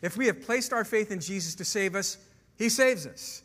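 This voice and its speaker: A man's voice: high voice, moderate pace, a bit bright, long reverb tail. A man preaching a sermon as pastor to his congregation, emphatic, asking the room questions. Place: church sanctuary.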